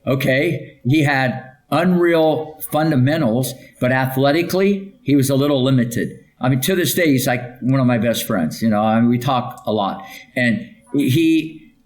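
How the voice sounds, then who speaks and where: An older man, a tennis coach, recounts his stories in an emphatic, punchy way. He rattles off lists of names and keeps checking in with "okay?", at an ordinary, mid-range pitch. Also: moderate pace. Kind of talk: podcast interview storytelling.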